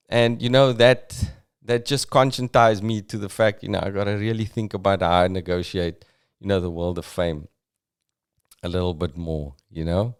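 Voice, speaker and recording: Podcast host, South African man, reflective and halting, clear and lowish. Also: steady tone. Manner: thoughtful, halting, uses fillers. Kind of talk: reflective comic podcast monologue.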